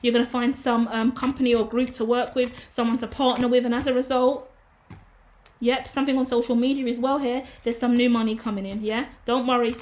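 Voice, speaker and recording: A woman's voice: fairly high pitch, little pitch movement, fairly quick, a little mellow, slight background noise. A woman giving a casual tarot reading, emphatic and preachy, swearing freely. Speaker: tarot reader.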